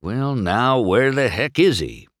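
A man voicing a gruff, stern old male roadster who grunts and mutters in a storybook reading. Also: medium pitch, big pitch swings, slow, no room sound, clean studio sound, pitched above the performer's own voice.

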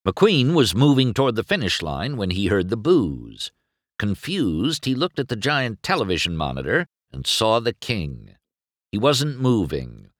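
Slow, lively storybook narrator, a man. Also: lowish voice, no room sound, studio quality. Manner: expressive, swooping storytelling. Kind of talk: storybook reading aloud.

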